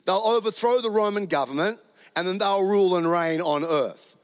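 A man with a New Zealand accent, the pastor, preaches in a church auditorium using a handheld mic, his tone casual and playful. His high-sitting voice is clear and resonant at a moderate pace, with a long reverb tail behind it.

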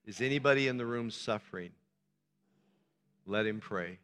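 A man's voice: on the low side, moderate pace, fairly bright tone, clean tone. A man preaching as a pastor, speaking informally to his congregation and asking it short questions. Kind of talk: sermon. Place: church hall. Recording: church hall reverb.

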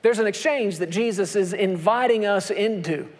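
High-voiced preacher in a reverberant hall. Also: male voice, moderate pace. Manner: emphatic preaching with rhetorical questions to the congregation. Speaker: pastor. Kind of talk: sermon.

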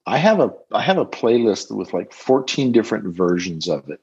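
An older man, a guest author, talking in a gentle, reflective way about faith in a casual conversation. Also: on the low side, sing-song, normal speed, slightly rough, dull audio.

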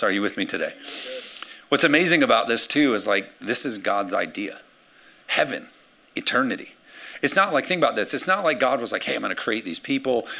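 A man preaches with a gravelly, fry-tinged voice that has a bright, forceful edge. He speaks as a pastor delivering an energetic sermon, slipping into playful acted asides. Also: lowish voice.

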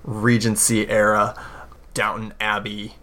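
A man narrating a tabletop role-playing game as game master, halting and full of fillers. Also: on the low side, monotone, bright, forceful tone.

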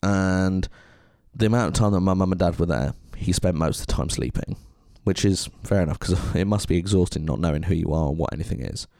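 Earnest male podcast co-host, low voice, dry close sound. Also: a little fast, gravelly, a little mellow, dry recording. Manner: earnest and heartfelt. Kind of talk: casual podcast chat.

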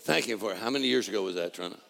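A male preacher delivering a sermon in call-and-response style, dropping to low murmurs and then rising to shouted praise. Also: very fast, gravelly.

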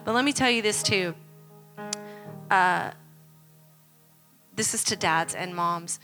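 A woman's voice: mid-range voice, bright, forceful tone. A woman pastor preaching a sermon at a church service, making earnest, repeated appeals to the congregation. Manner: earnest, repetitive exhortation.

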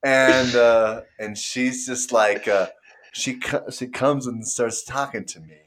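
A man in casual conversation, telling his side of a shared memory in a relaxed, loose way and trailing off when unsure. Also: medium pitch, slow. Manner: relaxed, trailing off, fuzzy on details. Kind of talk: casual storytelling chat.

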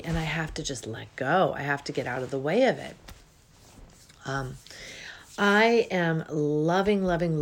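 A woman giving an unhurried, reflective spiritual talk as a healing coach, with many pauses and yawns. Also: low-pitched, darkish tone. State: yawning.

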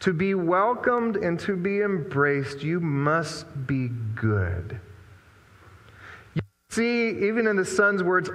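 A man's voice: sits high, big pitch swings, slow pace, a bit bright. Reflective male pastor in an echoing hall. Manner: reflective, conversational storytelling. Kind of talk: sermon. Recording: long hall reverb.

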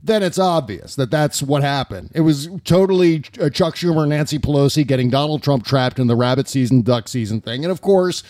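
A man hosting a political comedy podcast, rambling and profane and quick to laugh. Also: on the high side, lively intonation, darkish tone, no echo, clean studio sound. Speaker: podcast host. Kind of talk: casual political comedy chat.

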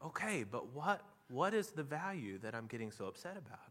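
A man preaching a sermon, telling a lively story with animated, rising outbursts before quieting down to make his point. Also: mid-range voice, a little fast, long reverb tail. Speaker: pastor.

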